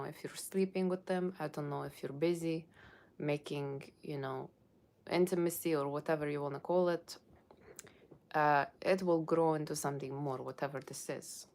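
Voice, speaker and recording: A woman's voice: sits low, steady tone, moderate pace, darkish tone. Woman doing a sassy Russian-accented fortune-teller. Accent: put-on Russian. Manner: teasing, blunt asides to viewers. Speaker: tarot reader. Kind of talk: Halloween tarot reading in character.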